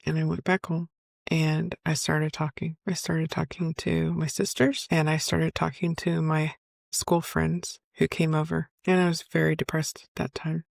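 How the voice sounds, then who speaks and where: Middle-aged female podcast host, personal confession, gravelly, flat delivery. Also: sits low, no room sound, studio quality. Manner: candid, emotional, halting. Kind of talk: personal storytelling.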